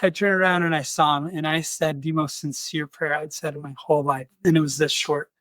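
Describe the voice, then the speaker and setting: A man hosts a podcast and tells a personal story in an animated way, slipping into the voices of the people in it. His voice sits a little high for a man. The recording is close and dry, with no room sound. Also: fairly quick, hardly any pauses, dry recording. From United States. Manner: animated, acts out quoted voices. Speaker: podcast host. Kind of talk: storytelling in conversation.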